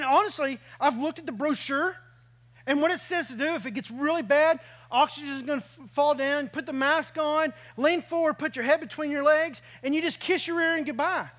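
A high-pitched male pastor preaching to his congregation. He tells a personal travel story with lively, acted-out reactions. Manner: storytelling, acts out his own past reactions. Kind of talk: sermon.

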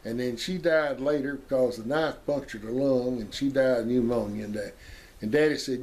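A man's voice: mid-range voice, normal speed, a little mellow. Folksy older storyteller man. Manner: folksy, rambling, frequent fillers. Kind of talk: recorded family memoir storytelling.

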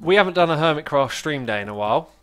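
A man's voice: a little high, expressive, fast, music in the background. A man chatting playfully and at length while co-hosting a livestream. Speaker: co-host streamer. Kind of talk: casual livestream chat.

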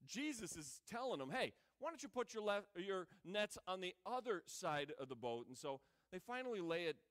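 Animated, high-voiced man preaching. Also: normal speed. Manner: animated storytelling, acting out voices in retellings. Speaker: pastor. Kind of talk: sermon.

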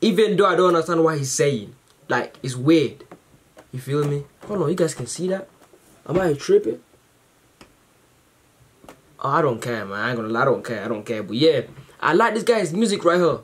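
A man hosting a reaction video, chatting casually to camera in a rambling, slangy way full of fillers, excited and grateful. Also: fairly high pitch, moderate pace, pauses often, slightly rough.

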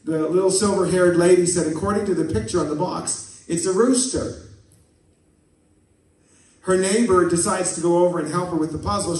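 A man's voice: high voice, darkish tone. A man preaching a sermon as a pastor, folksy, telling jokes and stories and asking the congregation for amens. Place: church sanctuary. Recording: echoey church from a distant mic.

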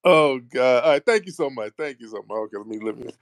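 A man's voice: medium pitch, expressive, fast talker, no room sound. A man hosting a live call-in stream, talking in a brash, mocking way with blunt slang. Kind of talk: casual live call-in banter.

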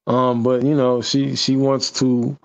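A man's voice: mid-range voice, completely flat delivery, a little slow. Laid-back man with dull lo-fi sound. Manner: laid-back, lots of "you know" and restarts. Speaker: stream co-host. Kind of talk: casual stream chat. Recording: slightly dull lo-fi audio.

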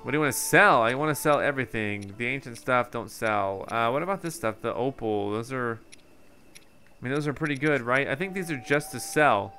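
Bright-voiced man musing over gameplay. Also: mid-range voice, moderate pace, soft background music. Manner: musing to himself, casual, easily distracted. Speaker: gaming video host. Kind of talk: let's play commentary.

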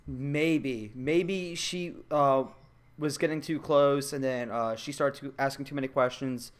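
A man as a podcast guest in casual chat, animated, swearing freely and acting out scenes. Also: medium pitch, unhurried.

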